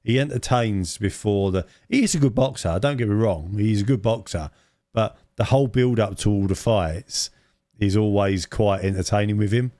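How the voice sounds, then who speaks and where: A man's voice: lowish voice, moderate pace, dark tone, no echo, clean studio sound. A man co-hosting a podcast, rambling in casual chat, repeating words and adding tag questions. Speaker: podcast co-host.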